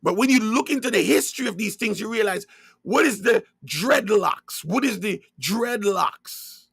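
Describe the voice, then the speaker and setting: A man's voice: high-pitched, animated, normal speed, vocal fry, fairly bright tone, slightly rough, dry recording, clean studio sound. A man from Jamaica with a Jamaican accent, preaching emphatically in a livestreamed religious talk and asking rhetorical questions.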